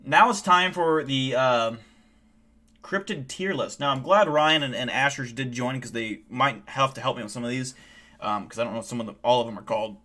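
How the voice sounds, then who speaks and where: A man streaming live, telling wild stories in animated, profane, casual chat. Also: medium pitch, moderate pace.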